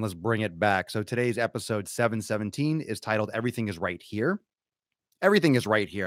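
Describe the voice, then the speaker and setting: A man hosting a live fitness podcast, loud, crude and hyped like a showman. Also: on the low side, no echo, clean studio sound. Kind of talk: live-streamed casual podcast.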